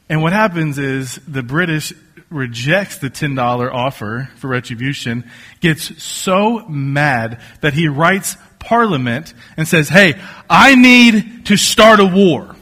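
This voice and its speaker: A man's voice: medium pitch, a bit bright, husky. A man preaching a sermon, telling stories with jokes and many fillers and restarts. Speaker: pastor.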